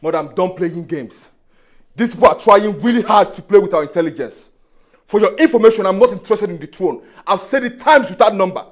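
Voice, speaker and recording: A man's voice: high-pitched, animated, a little fast. A man playing a defiant prince who refuses the throne and threatens, with a Nigerian accent. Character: hot-headed prince threatening to burn the palace.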